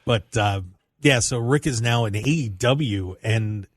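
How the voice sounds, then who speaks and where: A man's voice: unhurried, no room sound, clean studio sound. A man hosting a wrestling radio show, chatting casually and teasing his co-host. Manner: animated, teasing, jumps high in pitch when reacting.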